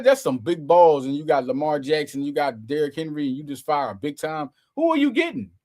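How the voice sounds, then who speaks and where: Lively, excitable man talking sports. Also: medium pitch. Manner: excited, emphatic, slangy, talks straight to viewers. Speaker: sports show host. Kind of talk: casual sports commentary.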